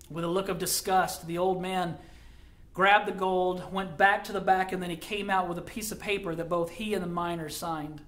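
A middle-aged man, a pastor, telling a story in a sermon, dramatic and dropping quiet for quoted lines. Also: high voice.

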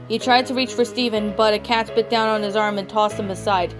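A woman's voice: mid-range voice, fairly even intonation, a little fast. A woman reading a fan fiction story aloud, often stumbling and restarting words. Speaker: story narrator. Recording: background music throughout.

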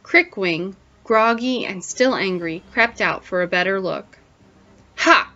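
A woman teacher reads a picture book aloud to children with expressive storytelling and stops now and then to ask them questions. Her voice sits at a middling pitch. The recording is dull and lo-fi. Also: a little slow.

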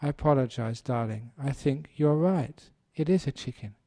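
An exasperated young husband, spelling out his point louder and higher with every round, as a male monk acts him out. He leans on each word with emphatic force. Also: normal speed, close to an everyday voice. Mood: gentle. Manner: emphatic, loud when insisting. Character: patient young husband losing his temper.

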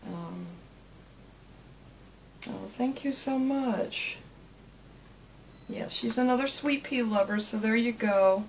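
A woman hosting a craft channel, chatting casually and warmly thanking viewers by name as she opens mail at home. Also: a little high, slow pace, gravelly, pauses often, a little hiss or hum. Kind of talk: casual chat, opening mail.

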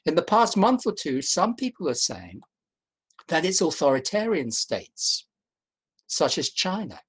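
A man giving an online academic talk as a guest professor, measured and emphatic, posing rhetorical questions to his audience over a video call. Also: on the high side, sing-song, a bit bright, breathy edge. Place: indoors at home during rain.

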